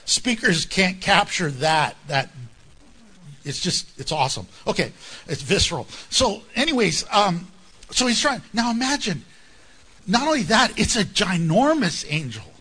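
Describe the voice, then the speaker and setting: High, lively-voiced preacher man. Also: measured pace, husky. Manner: animated, conversational preaching with jokes and asides. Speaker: pastor. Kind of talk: sermon.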